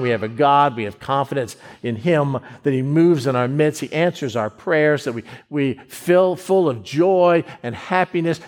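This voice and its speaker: A man from the United States preaching a sermon as pastor, in a conversational style that swings between slow, emphatic phrases and quick asides. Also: medium pitch.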